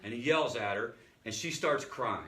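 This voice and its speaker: Male group facilitator, mid-pitched, casual storyteller who talks with the group rather than at it. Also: moderate pace, bright, forceful tone. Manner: conversational storyteller, asks the group questions, frequent restarts. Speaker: family recovery group facilitator. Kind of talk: informal teaching talk to a support group.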